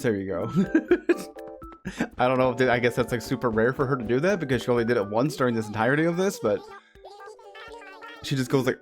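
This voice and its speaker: Chatty game streamer, mid-pitched. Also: sing-song, brisk, darkish tone, soft background music. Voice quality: rambling, chatty, self-correcting. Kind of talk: casual live-stream commentary over gameplay.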